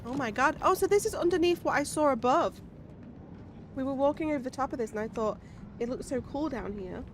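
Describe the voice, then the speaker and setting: A woman's voice: high voice, animated, brisk, a little hiss or hum. Chatty woman streaming a game. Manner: chatty, musing aloud while eating. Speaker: gaming streamer. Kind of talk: casual gameplay chat.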